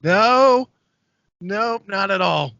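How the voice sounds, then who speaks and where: High, lively man telling a profane story. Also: normal speed, dry recording. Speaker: podcast host. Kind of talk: casual chat. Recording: dry, dull lo-fi sound.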